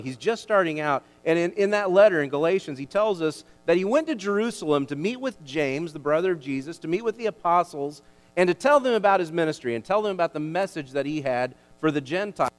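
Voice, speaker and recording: A man preaching a sermon as a pastor, emphatic and animated, often restarting his words. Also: a little high. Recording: long hall reverb.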